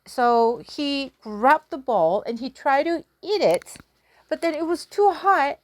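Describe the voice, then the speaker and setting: Speaking slowly in a high-pitched voice, a woman teaches a laid-back storytelling lesson. She's a language teacher sketching as she retells a folktale, giggling and making light of herself.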